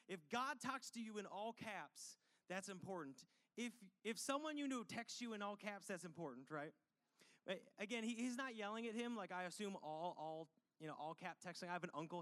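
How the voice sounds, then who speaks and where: High-voiced male pastor preaching. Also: fairly bright tone. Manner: conversational, with jokey asides and questions to the congregation. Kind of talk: sermon.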